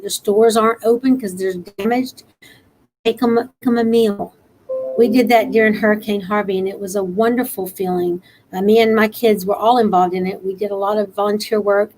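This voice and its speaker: A woman's voice: medium pitch, a little mellow, poor audio. Tired, earnest woman host urging listeners on. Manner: earnest and encouraging, laughs easily. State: tired after a long night. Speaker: show host. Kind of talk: motivational live-stream talk.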